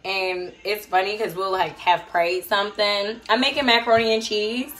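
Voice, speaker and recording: A woman's voice: mid-range voice, fairly even intonation, normal speed, fairly bright tone. A woman hosting a casual cooking stream from a home kitchen, chatting loosely while she cooks and sharing faith-based encouragement. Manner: chatty, preachy, loose and conversational. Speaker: cooking show host.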